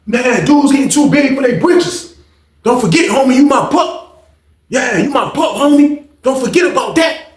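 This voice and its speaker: A man voicing an angry, hot-tempered gang leader who shouts and scolds, in an echoey room. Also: extremely high pitch, expressive, moderate pace, pitched above the performer's own voice. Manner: shouting, scolding, repeats himself.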